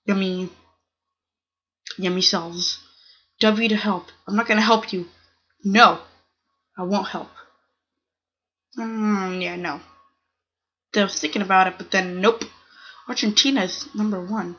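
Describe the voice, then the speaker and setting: A young woman talks slowly through her gameplay, chatting to the other players and squealing protests. Her voice comes through a dull, lo-fi home recording. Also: mid-range voice, fairly even intonation, fairly bright tone. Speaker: gaming channel host. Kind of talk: casual gameplay commentary.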